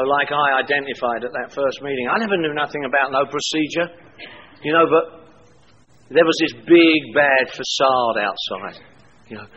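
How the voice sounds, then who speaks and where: Speaking to a recovery group, a man shares his testimony through blunt, colorful anecdotes, voicing the dialogue himself. His mid-range voice sounds husky and echoes like a large room. It's captured in a dull lo-fi live recording with faint hiss.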